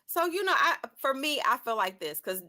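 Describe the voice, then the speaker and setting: A woman co-hosting a casual talk show, chatting in a lively way with frequent fillers. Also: high-pitched, moderate pace.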